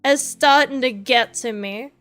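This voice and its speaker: High-voiced, slow-talking frustrated young woman. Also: a bit bright, soft background music. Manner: rambling, frustrated, self-deprecating. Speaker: streamer. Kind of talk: casual chat while drawing.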